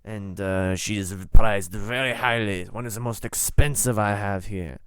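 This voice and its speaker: A man playing a smooth slave trader. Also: a little slow, fairly bright tone, no room sound, clean studio sound. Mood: salesy. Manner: showy salesman pitch. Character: slave merchant man, smooth-talking seller.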